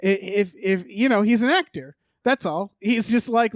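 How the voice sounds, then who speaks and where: A man's voice: high-pitched, normal speed, no echo, studio quality. A man co-hosting a podcast, chatting loosely about movie trailers with lots of fillers, profanity and laughs. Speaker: podcast co-host. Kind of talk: casual movie chat.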